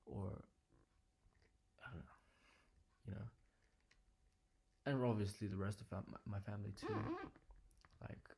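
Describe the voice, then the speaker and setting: A young man speaks low and earnestly in a home living room, keeping his voice down and at times slipping into a whisper. His voice is deep, gravelly and a little husky, and it stays on a fairly flat pitch. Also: a little slow, long pauses. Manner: quiet, low-key and earnest, sometimes dropping to a whisper. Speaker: vlogger. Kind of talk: reflective personal vlog.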